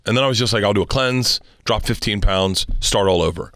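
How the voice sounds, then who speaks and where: A man's voice: fairly low pitch, a little fast, creaky, fairly bright tone, no echo, studio quality. A middle-aged man from Florida, a touring comedian telling a personal story as a guest in casual, profane, rambling chat.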